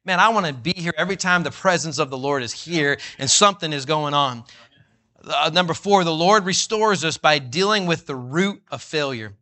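A man preaching a sermon in a fervent way, reading scripture slowly and rising toward near-shouts. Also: fairly high pitch, lively intonation. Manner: reads scripture in old-fashioned wording, slowing for emphasis.

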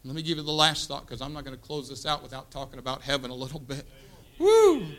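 A man in his fifties from the United States preaching a sermon, building to loud impassioned peaks and dropping to hushed asides. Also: medium pitch, level tone, very fast. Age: 50s. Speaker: pastor. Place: church sanctuary.

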